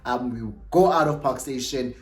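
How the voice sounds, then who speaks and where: A young South African man with a South African accent, telling a story casually in an animated way and slipping in isiXhosa phrases. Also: medium pitch, moderate pace, roomy sound. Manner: animated, laughing, mixes isiXhosa phrases into his talk. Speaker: vlogger.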